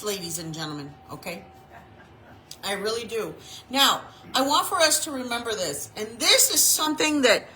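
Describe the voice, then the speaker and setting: Frank, bright-voiced woman preaching in an echoey room. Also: on the high side. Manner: conversational storytelling, frank, repeats phrases. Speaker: chaplain and reverend. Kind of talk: informal sermon. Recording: echoey room with faint noise.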